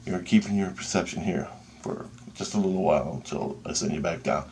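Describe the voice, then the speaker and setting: A man's voice: deep voice, a little fast, darkish tone, slight background noise. A man voicing a faceless glowing female spirit who speaks firmly, bluntly and profanely. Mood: commanding.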